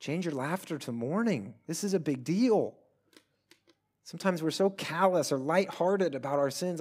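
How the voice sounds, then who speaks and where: A male pastor preaching a sermon earnestly, swelling loud at times and dropping to hushed pleas. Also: on the high side, animated, normal speed, breathy edge.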